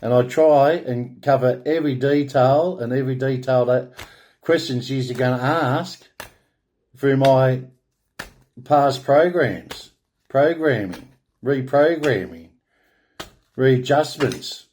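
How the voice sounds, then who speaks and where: An Australian man delivering a rambling solo monologue, halting and restarting words, then declaring his points in grand, proclaiming tones. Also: medium pitch, darkish tone, a little hiss or hum. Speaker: online spiritual speaker.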